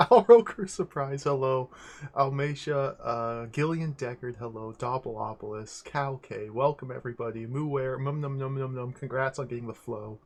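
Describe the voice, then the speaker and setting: A man hosting a video game livestream, greeting viewers by name in an excitable, giggly way. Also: medium pitch, moderate pace. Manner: excitable, laughs often, greets chat by name. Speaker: livestream host. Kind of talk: casual livestream chat.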